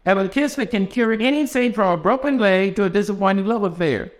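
A man's voice: high voice, a little fast, pitched above the performer's own voice, lightly acted. A man reading the part of the Lord, an eager male creator, in an earnest, heightened way.

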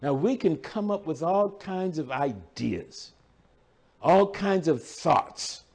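An older man preaching a sermon, slow and emphatic, repeating key words for weight. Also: a little high, expressive, a little mellow.

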